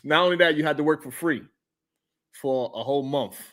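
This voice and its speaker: A man's voice: a little high, brisk, fairly bright tone. A man hosting a casual morning livestream, greeting viewers and laughing often. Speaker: morning show host.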